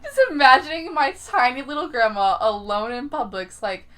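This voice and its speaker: Animated young woman, casual podcast chat. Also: high voice, normal speed. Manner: animated storytelling, swears freely, laughs often. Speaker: podcast co-host. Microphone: podcast microphone.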